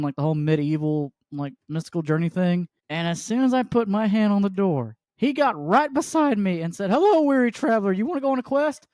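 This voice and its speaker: Animated, fairly high-voiced male podcast host. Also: dry recording, studio quality. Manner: animated storyteller, exasperated asides. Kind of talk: casual chat.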